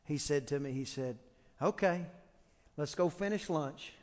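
A man preaching a storytelling sermon, animated, acting out the voices of others and shouting for emphasis. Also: a little high, measured pace, in a large hall. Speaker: pastor. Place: church sanctuary.

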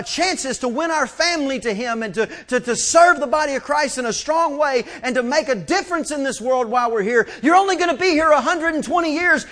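High-voiced preacher. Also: male voice. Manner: lively preaching with stammered restarts and family anecdotes. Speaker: pastor. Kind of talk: sermon. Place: church sanctuary.

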